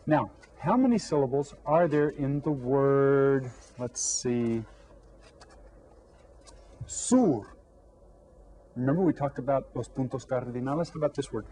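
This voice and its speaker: Guy teaching little kids, drags out each word, mellow voice, faint room sound behind. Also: medium pitch, slight background noise, rough recording. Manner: slow, drawn-out repetition of words. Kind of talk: classroom lesson to children.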